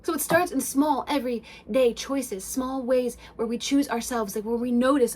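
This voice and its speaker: A woman's voice: high voice, normal speed, hardly any pauses. Emphatic, hard-swearing woman hosting a podcast. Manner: emphatic and profane, swinging between loud and hushed. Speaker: podcast host. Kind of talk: spiritual self-help monologue.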